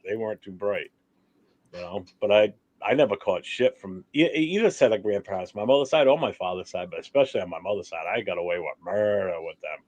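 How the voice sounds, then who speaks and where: A man's voice: on the low side, muffled recording. A middle-aged man hosting a livestream talk show, telling childhood stories in a loose, laughing, profane way. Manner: laughing, profane, animated storytelling. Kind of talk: casual chat, storytelling.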